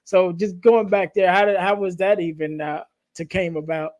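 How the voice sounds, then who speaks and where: A man's voice: sits high, level tone, moderate pace, darkish tone. A man hosting a casual interview, asking a question and giving short replies. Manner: brief backchannel replies. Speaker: podcast host.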